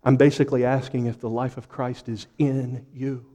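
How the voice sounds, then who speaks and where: A man preaching a sermon with impassioned rhetorical questions, pausing for effect and dropping to a hush. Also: medium pitch, little pitch movement, long reverb tail. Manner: impassioned preaching with dramatic pauses and sudden drops to a hush. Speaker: pastor.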